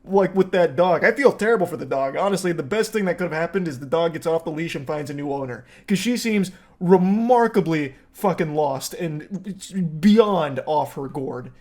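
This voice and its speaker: A man's voice: a little high, expressive, normal speed, few pauses, darkish tone. A man giving sarcastic, profane reaction commentary on a police video. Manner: sarcastic, profane, breaks into laughter.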